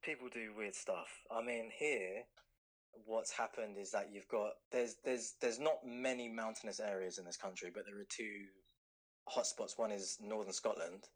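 Easygoing lower-voiced British man. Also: poor audio. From London, England. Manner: easygoing, hesitant, many fillers. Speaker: podcast guest. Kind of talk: casual podcast chat.

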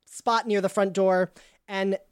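A woman's voice: mid-range voice, level tone, slow, smooth. A woman game master describing scenes for a tabletop game, with frequent ums.

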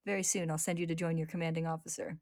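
A woman voicing a cruel, seductive female homunculus who speaks slowly and calmly in a menacing tone. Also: deep voice, no room sound, studio quality. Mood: cold, mocking.

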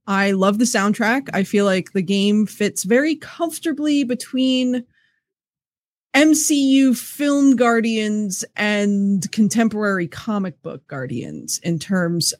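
A woman's voice: mid-range voice, dry recording. Laid-back, chatty woman co-host. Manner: laid-back, chatty, swears and laughs easily. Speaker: podcast co-host. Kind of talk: casual podcast chat.

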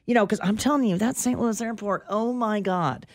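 A woman co-hosting a radio talk show, telling an anecdote in a dramatic, animated storytelling manner on a studio mic. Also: mid-range voice, brisk, no room sound. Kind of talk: casual chat storytelling.

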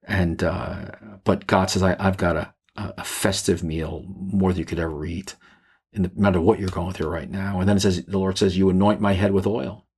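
Low husky-voiced man preaching earnestly. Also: level tone, darkish tone. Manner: earnest, halting, with frequent restarts. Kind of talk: podcast devotional teaching.

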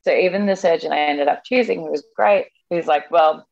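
A woman's voice: deep voice, fairly quick, gravelly, highs cut off. A young woman chatting casually and telling a story with animation, acting out the people she quotes. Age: young adult. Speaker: guest. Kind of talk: casual chat.

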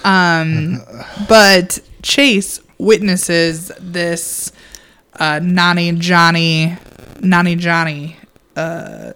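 A woman's voice: on the low side, fairly even intonation, very slow, fairly bright tone, smooth. A woman co-hosting a podcast, recapping a reality show in casual chat, giggling often and talking with lots of fillers. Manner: giggly, chatty, many fillers. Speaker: podcast co-host.

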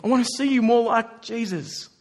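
A man delivers a sermon to his congregation in a fairly high voice. He keeps it animated and conversational and slips into the voices of the people he quotes. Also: moderate pace. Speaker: preacher.

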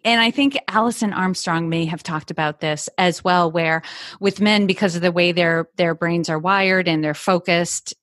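A woman in casual podcast chat, explaining in a measured way. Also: fairly low pitch, fairly bright tone, no room sound, clean studio sound.

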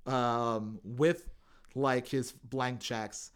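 Male podcast co-host, casual recapper, animated storyteller who voices quotes. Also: medium pitch, extremely slow, smooth. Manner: animated retelling, acts out quotes in funny voices. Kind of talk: casual chat.

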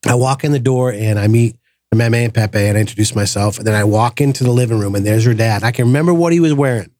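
A man hosting a podcast, telling a personal story in a casual, animated way and acting out the voices of the people in it. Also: mid-range voice, fast, no room sound. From grew up in the projects. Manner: animated storyteller, acts out quoted voices, frequent restarts. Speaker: podcast host.

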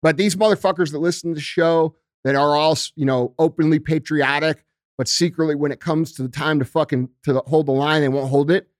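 A man ranting as a podcast guest, profane and forceful. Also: fairly high pitch, fairly even intonation, a little fast, dry recording, studio quality. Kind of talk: heated podcast rant.

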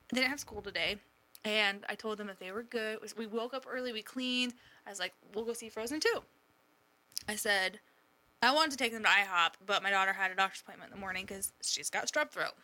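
A woman's voice: on the high side, moderate pace, sharp tone, rough recording. A woman, a mother, talking casually and bluntly, swearing freely and rambling through stories. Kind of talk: casual chat.

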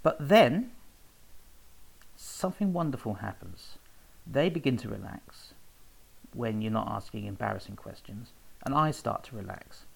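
A man's voice: on the low side, expressive, a little slow, vocal fry, pauses often, slightly rough, rough recording. A man telling research anecdotes in a casual, rambling way, with many fillers and self-corrections. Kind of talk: casual spoken talk about research.

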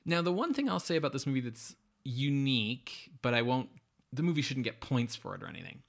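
A man's voice: medium pitch, sing-song, a little fast, gravelly. Rambling sardonic man reviewing a movie. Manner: rambling, filler-heavy, sardonic. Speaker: podcast co-host. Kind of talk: casual movie review chat.

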